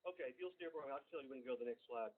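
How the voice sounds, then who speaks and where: A man with a Southern US accent presenting a webinar, folksy and halting with many fillers and restarts. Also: mid-range voice. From Georgia, US. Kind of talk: presenting a webinar over slides. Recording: tinny phone-like line.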